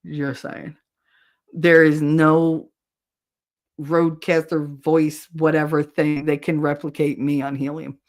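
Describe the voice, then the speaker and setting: A woman's voice: low-pitched, slow. A woman co-hosting a livestream, chatting casually and animatedly with viewers. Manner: animated, switches voices and laughs easily. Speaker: livestream co-host.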